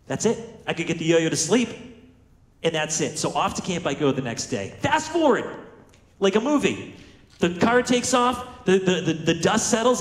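A man speaking to an audience, telling a self-mocking story and slipping into the voices of the people in it. His voice sits a little high and leaps up and down. The sound rings in a roomy hall. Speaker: motivational speaker. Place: large room with audience.

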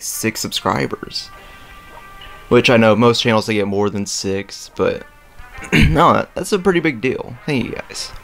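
A young man hosting a let's play, rambling casually with lots of fillers and throat clearing as he plays a strategy game. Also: medium pitch. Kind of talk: casual gameplay commentary. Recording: faint game music behind.

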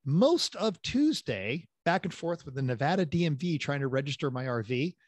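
A man's voice: a little high, moderate pace, no echo. A man co-hosting a car podcast, telling rambling stories in casual chat and acting out quotes. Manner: rambling storyteller, restarts, animated quotes. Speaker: podcast co-host.

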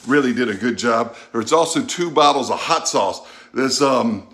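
A man's voice: medium pitch, normal speed, gravelly. A middle-aged man from Louisiana with a Southern accent, chatting folksily while unboxing and tasting food in his own vlog. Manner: folksy, chatty, animated outbursts. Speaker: food vlogger.

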